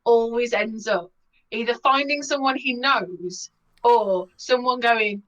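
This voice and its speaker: A woman's voice: on the high side, slow, a bit bright, far from the mic, highs cut off. A woman from Wolverhampton with a Black Country accent, chatting and telling anecdotes on a podcast. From Wolverhampton, England. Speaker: storyteller panelist. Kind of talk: casual podcast chat.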